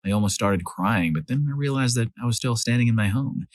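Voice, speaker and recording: A man with a medium-pitched voice speaks fairly quickly, narrating a series of reader-submitted stories as a scripted storyteller. He turns lively whenever he voices the quoted lines.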